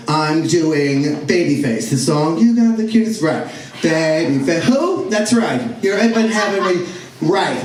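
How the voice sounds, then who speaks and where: A man from Staten Island telling a comic story live on stage, acting out the other people in it. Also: high-pitched. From Staten Island, New York. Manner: animated, acts out other people's voices. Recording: echoey hall, recorded from far off, audience. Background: audience laughter.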